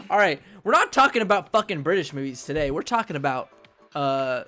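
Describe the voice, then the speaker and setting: A young man with a high voice hosts a loose comedy podcast. He teases his co-hosts loudly and swears freely, with music faint in the background. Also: big pitch swings, normal speed. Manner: loud, teasing, swears freely. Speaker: podcast host. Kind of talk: casual comedic chat.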